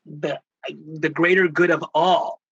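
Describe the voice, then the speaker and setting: Guest interviewee: a man from Texas with a high, husky voice who tells stories theatrically. The audio is dry and a little dull. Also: slow, no echo. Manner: animated, theatrical, acts out quoted voices. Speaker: guest, spiritual healer. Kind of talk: emotional storytelling in conversation.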